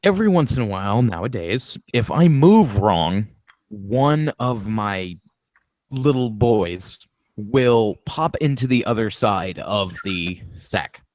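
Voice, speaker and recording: Low, dry-voiced deadpan man. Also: takes it slowly, no echo. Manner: deadpan, laughs through dark stories. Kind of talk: casual storytelling chat.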